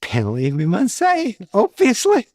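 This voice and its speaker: Animated Scottish man telling stories. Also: high-pitched, moderate pace, no echo, clean studio sound. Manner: animated, self-deprecating, with frequent restarts. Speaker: guest, former footballer. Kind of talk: casual storytelling.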